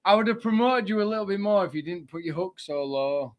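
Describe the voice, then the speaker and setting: A man's voice: high voice, lively intonation, a little fast, muffled recording. A man co-hosting a podcast, teasing and laughing with the others. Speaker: podcast co-host. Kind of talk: casual banter.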